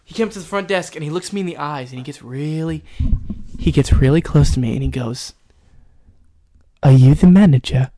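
Animated young man telling stories. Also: fairly high pitch, quick pace. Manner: animated storyteller, ranting with loud bursts. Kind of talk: casual chat.

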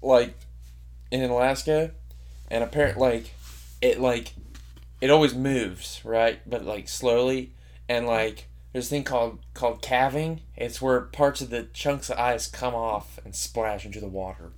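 A young man chatting casually, rambling with lots of filler words and quick laughs. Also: medium pitch. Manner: gets loud and heated when arguing. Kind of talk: casual chat.

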